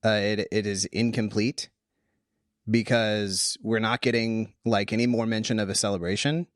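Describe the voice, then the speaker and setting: A man hosting a podcast, talking through a Bible passage casually, animated and full of restarts. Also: on the low side, moderate pace, no echo, studio quality. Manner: animated, thinks aloud with restarts. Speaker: podcast host.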